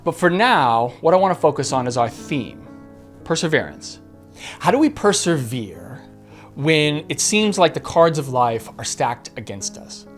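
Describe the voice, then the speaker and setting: A man hosting a podcast, telling a story in an earnest way with suspenseful pauses. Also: a little high, sing-song. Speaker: podcast host. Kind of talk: storytelling narration. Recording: faint guitar music behind. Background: soft guitar music.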